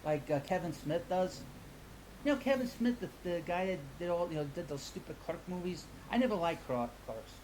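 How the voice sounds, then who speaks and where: A man's voice: sits high, lively intonation, moderate pace, a little mellow, slight background noise, low-quality recording. A man hosting a comic book channel, rambling in a casual, mocking and gossipy way. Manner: mocking and gossipy, laughs at others.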